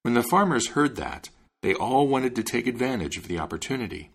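Gravelly, expressive male storyteller. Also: mid-range voice, fairly quick. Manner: lively, expressive storytelling with acted voices. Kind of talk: reading a fairy tale aloud.

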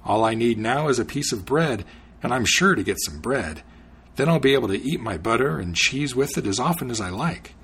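A man's voice: mid-range voice, lively intonation, brisk, a bit bright, breathy edge, exaggerated voice. A man reading as a naive, cheerful young traveler.

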